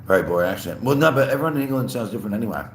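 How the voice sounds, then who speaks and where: A man's voice: on the low side, expressive, rapid-fire. A man with an Australian accent hosting a casual livestream, chatting loosely with viewers and answering their messages while he eats. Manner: laid-back, rambling, answers chat messages aloud. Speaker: livestream host. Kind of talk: casual live chat, greeting viewers while eating. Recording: roomy echo with faint background hum.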